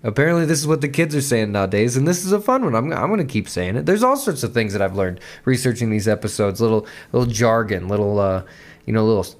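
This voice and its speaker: A man hosting a podcast, chatting loosely about a song with lots of swearing, restarts and quick laughs. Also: medium pitch, lively intonation. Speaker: podcast host. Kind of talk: casual music commentary.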